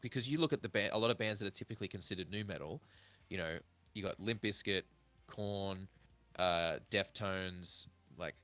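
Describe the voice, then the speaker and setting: A man in his thirties hosts a casual music podcast and rambles with animated energy, swearing freely as he goes. His voice sits a touch low but comes across bright and forceful. The recording is close and dry. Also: normal speed, no room sound. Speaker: podcast host. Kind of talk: casual chat.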